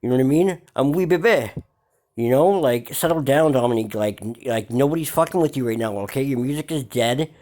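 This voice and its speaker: A man's voice: medium pitch, fast talker, hardly any pauses, warm tone. Profane, mocking man ranting on a vlog. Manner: mocking, heavy slang and swearing, filler-laden. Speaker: vlog host. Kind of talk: profane hip-hop gossip commentary rant.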